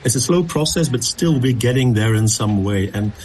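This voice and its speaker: A man from Flanders, a linguistics researcher, answering radio interview questions in a measured, hesitant way with many fillers. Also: medium pitch, lively intonation, darkish tone, a little hiss or hum, rough recording. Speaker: linguistics researcher, panel guest.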